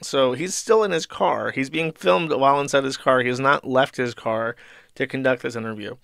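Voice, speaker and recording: Rambly sweary host guy in his 30s, mid pitch, riffing on a comic. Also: moderate pace, gravelly, fairly bright tone, dry recording, studio quality. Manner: rambling, crude, lots of fillers. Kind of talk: casual commentary reading a comic.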